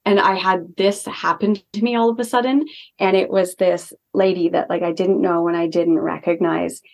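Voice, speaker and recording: Low, gravelly-voiced woman telling a story. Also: fairly even intonation, normal speed. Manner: chatty, many "like" fillers, earnest. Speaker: guest, holistic healing practitioner. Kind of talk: casual storytelling in a podcast interview.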